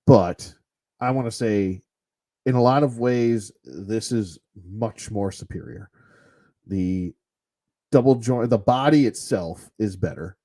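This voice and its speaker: A toy collector with a low, slow, dark-toned voice reviews action figures off the cuff, rambling bluntly with some mild cursing in his unscripted review.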